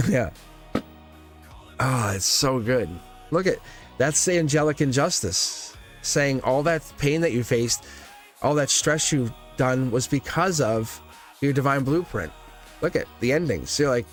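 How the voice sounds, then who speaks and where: A man's voice: mid-range voice, expressive, measured pace, long pauses, faint music behind. A man hosting a live tarot reading in casual spiritual talk, rambling and repeating phrases, chuckling often. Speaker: tarot reader livestream host.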